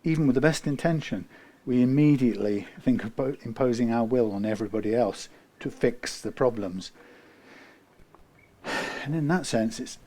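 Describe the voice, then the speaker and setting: Rambling while he works, this man, a guitar tech, often fades into quiet muttering. His voice is mid-range and his speed normal.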